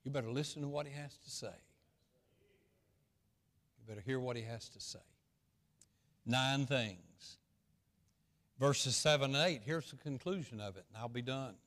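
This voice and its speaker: A male pastor preaching a sermon in a folksy, repetitive way, swinging between loud stretches and hushed ones. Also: medium pitch, normal speed, long pauses, long reverb tail.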